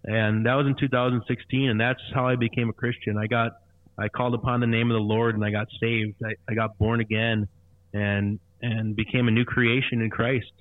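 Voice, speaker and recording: A man's voice: mid-range voice, level tone, dry recording. A man in his thirties telling his conversion story earnestly, with frequent restarts. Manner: earnest, repetitive, halting restarts. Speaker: guest sharing conversion testimony. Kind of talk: personal testimony storytelling. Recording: tinny phone-like line, dry.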